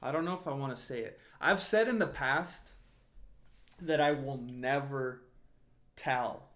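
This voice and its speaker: A man's voice: mid-range voice, a little slow, a bit bright. A man hosting a casual solo podcast, rambling and often laughing as he restarts his sentences. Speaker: podcast host.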